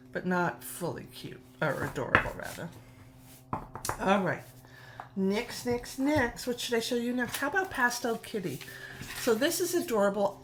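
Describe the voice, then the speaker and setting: Slow-talking New York woman, lower voice. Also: fairly bright tone, a little hiss or hum. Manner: chatty and gushing, laughs often, trails off and restarts. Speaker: tarot deck collector and reviewer. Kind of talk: casual vlog chat.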